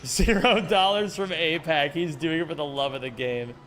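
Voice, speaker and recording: A man's voice: a little high, normal speed, a bit bright, faint music behind. A man streaming a speedrun in casual chat, joking and mocking himself as he reads and answers viewers' messages.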